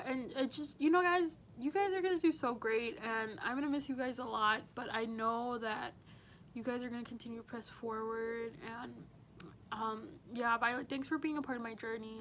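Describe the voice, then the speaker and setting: This farewell comes from a twenty-something teaching assistant whose voice is a little high. She sounds warm and chatty, constantly saying "you know" and "like," while a faint hiss or hum runs under the audio.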